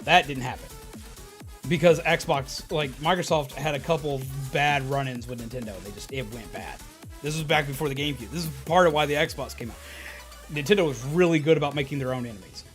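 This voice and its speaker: A man streamer telling a casual, animated, rambling story about a retail customer, often restarting his sentences. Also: on the high side.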